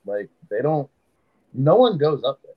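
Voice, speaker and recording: Man, fishing guide, casual podcast chat, lively storytelling, acts out quotes. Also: medium pitch, a little slow, phone-quality sound. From Southern United States. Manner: animated storyteller who acts out quoted locals. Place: podcast studio.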